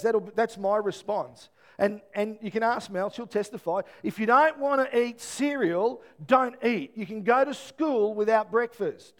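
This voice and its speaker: A middle-aged man, preaching a sermon and telling family stories with animated, acted-out voices. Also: high voice, moderate pace, hardly any pauses. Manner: animated storytelling, acts out voices. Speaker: pastor.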